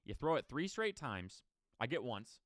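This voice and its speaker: A man hosting a sports show alone, his pitch jumping up and down as he rants. He fires off opinions and rhetorical questions in a quick, worked-up run. The sound is dry and close, with no room around it. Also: no room sound. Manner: animated, opinionated, rapid-fire rant with rhetorical questions. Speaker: sports podcast host. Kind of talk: solo sports commentary.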